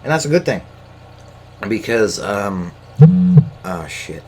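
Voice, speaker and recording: Young guy ranting on his podcast, deep voice, swears constantly, lots of uh and um. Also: sing-song, slow pace. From United States. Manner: profane, ranting, rambling with many fillers and restarts. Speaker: podcast host. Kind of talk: casual solo rant.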